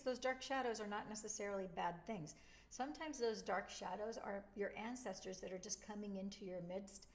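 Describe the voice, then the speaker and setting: A woman talks straight to the camera in a casual, heartfelt way, swinging between tender encouragement and blunt, salty asides. Her voice sits in a middle register, and she leans in with animated emphasis on her favorite points. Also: mid-range voice. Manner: emotional, chatty, blunt and animated. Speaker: spiritual video host. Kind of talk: casual spiritual talk to camera.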